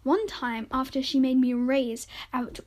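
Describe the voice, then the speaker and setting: A woman's voice: high voice, level tone, unhurried. A woman hosting a podcast, reading a novel aloud in a chatty, informal way and correcting her own slips. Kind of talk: storybook reading.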